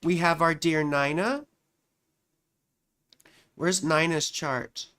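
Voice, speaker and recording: A woman's voice: low voice, fairly even intonation, takes it slowly, fairly bright tone, clean tone. Chatty affectionate woman astrologer. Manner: chatty and affectionate, calls viewers sweetheart and darling; thinks aloud while searching for charts. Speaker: astrologer hosting a live stream. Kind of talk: casual live-stream chart reading.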